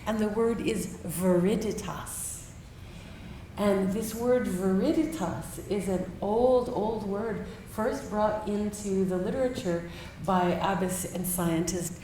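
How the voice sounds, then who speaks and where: A woman giving a formal introduction of a guest speaker, slow and measured. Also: mid-range voice, dark tone, slight background noise. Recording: echoey hall, mic far off.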